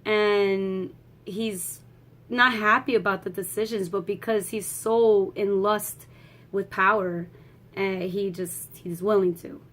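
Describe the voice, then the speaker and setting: A young woman giving a rambling, excitable movie review, swearing freely and talking in a casual way. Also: medium pitch, takes it slowly.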